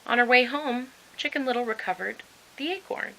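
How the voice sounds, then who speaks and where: Woman reading a kids picture book out loud, bright voice, lots of expression. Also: a little high, moderate pace, vocal fry, slight background noise, rough recording. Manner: expressive, animated. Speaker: storybook reader.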